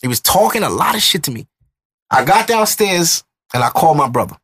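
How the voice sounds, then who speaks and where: A man's voice: a little high, brisk, husky. Heated man in his thirties telling a story. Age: 30s. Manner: emotional, animated retelling with acted-out quotes. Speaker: podcast host. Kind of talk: casual storytelling chat.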